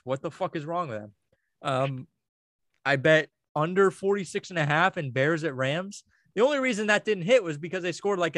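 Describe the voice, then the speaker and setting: A man's voice: on the high side, a bit bright, no room sound. A man co-hosting a podcast in casual banter, ranting and joking with a lot of swearing. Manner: crude, joking rants with frequent swearing. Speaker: podcast co-host.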